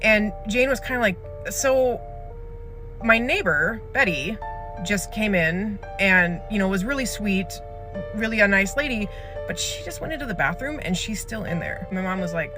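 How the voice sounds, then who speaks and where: A mid-pitched speaker tells an eerie hospital story in a loose, rambling way, full of fillers and acted-out quotes. A clear music bed plays underneath the voice. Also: animated, normal speed. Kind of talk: casual spoken storytelling.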